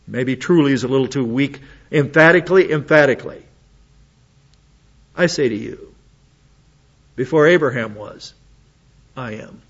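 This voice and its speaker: A man's voice: medium pitch, gravelly, breathy edge, highs cut off. A man preaching a sermon, reading Bible passages aloud and breaking in with casual, plain-spoken comments. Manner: reads scripture aloud then adds quick casual asides.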